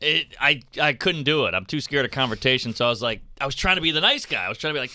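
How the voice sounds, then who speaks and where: Comedian guest, male, piercingly bright voice, animated storyteller, dry studio mic. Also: medium pitch, fast talker, few pauses, no room sound. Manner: animated, acts out people in his stories. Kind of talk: casual storytelling on a talk radio show. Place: radio studio. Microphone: close studio mic.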